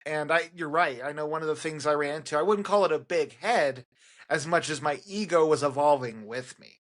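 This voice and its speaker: A man's voice: a little high, fairly quick. A man co-hosting a spiritual podcast, speaking candidly and reflectively about his own inner work. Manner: candid, confessional, speaks from personal experience. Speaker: podcast co-host. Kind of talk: reflective personal sharing.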